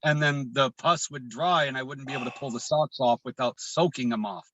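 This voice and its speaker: A man from Washington state, a guest on a video call, telling a painful personal story in a halting way, often restarting and repeating words. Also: medium pitch, pushed and bright, muffled recording, slight background noise. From Washington state, USA. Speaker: guest sharing his recovery story.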